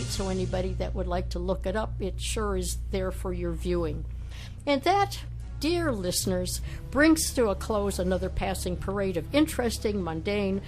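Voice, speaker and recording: A woman's voice: mid-range voice, poor audio. A woman presenting a this-day-in-history segment on a radio show.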